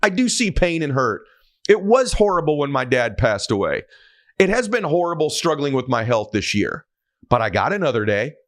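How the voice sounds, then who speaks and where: A man's voice: medium pitch, big pitch swings, moderate pace, fairly bright tone. A man giving a motivational faith talk in an emphatic, urging, preachy manner. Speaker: motivational speaker.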